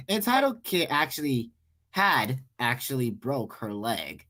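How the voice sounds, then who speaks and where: A man's voice: mid-range voice, very animated, measured pace, bright, forceful tone. A young man reading a Reddit story aloud, stumbling over words and restarting his sentences often. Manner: stumbling, frequent restarts and self-corrections. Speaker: story reader.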